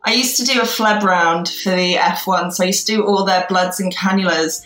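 A woman, a doctor, telling a lively anecdote in casual chat, laughing and acting out the voices of the people in it. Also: mid-range voice. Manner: quick, laughing, acts out quoted voices. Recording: echoey room.

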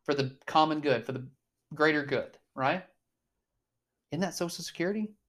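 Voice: mid-range voice, normal speed, a bit bright. A podcast host in casual chat, talking freely, swearing and laughing often.

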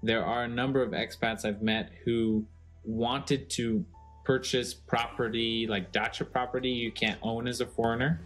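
A man co-hosting a casual podcast chat, relaxed and rambling with lots of fillers. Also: mid-range voice, normal speed, faint music behind. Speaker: co-host.

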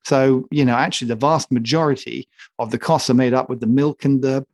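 A man's voice: medium pitch, fairly even intonation, a little fast, a little mellow, no room sound. A man in casual talk, holding forth with comic indignation and lots of emphasis. His voice sits in a middle register. The recording is close and dry, with no room sound. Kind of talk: casual opinionated chat.

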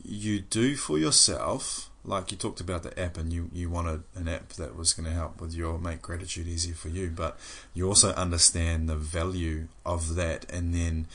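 A man's voice: deep voice, steady tone, normal speed, hardly any pauses. A man hosting a podcast, talking in a friendly way and praising his guest generously. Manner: warm, effusive praise, friendly. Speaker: podcast host. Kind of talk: casual interview chat. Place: indoors, late at night after a workshop.

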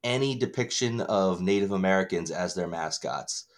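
A man's voice: sits low, moderate pace. A man co-hosting a podcast in casual chat, laughing easily and adding short joking remarks. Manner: brief reactions and easy laughs, joking asides. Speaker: podcast co-host.

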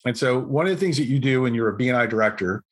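A man guest on a podcast, telling a story in a casual, animated way and acting out what people said. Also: medium pitch, very fast. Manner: animated anecdote-telling, acts out quotes. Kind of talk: conversational storytelling.

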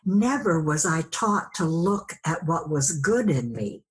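A woman's voice: deep voice, sing-song, takes it slowly. A woman guest sharing a personal story in a conversation, reflective, acting out remembered dialogue.

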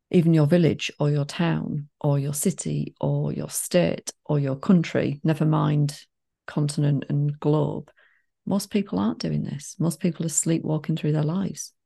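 A woman's voice: low-pitched, gravelly, warm tone. A woman co-hosting a podcast, talking. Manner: encouraging, coaching tone. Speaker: podcast co-host and sobriety coach. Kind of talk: casual podcast chat.

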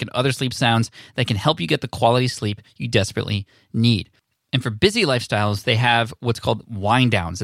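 A man's voice: medium pitch, a bit bright, dry recording. Enthusiastic guy hosting his podcast, chatty and upbeat, dry close mic. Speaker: podcast host. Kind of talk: casual podcast intro and ad read.

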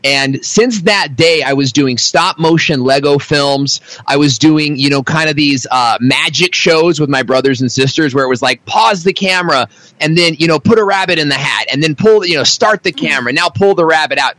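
A man in his thirties, a guest on a podcast, telling his story in an animated, enthusiastic way. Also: fairly high pitch, moderate pace, no room sound, rough recording. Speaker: podcast guest, video marketing teacher. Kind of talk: casual podcast interview.

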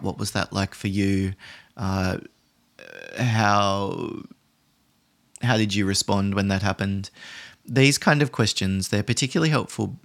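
A man hosting a podcast, explaining in a calm, conversational, instructional way. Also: lowish voice. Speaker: podcast host.

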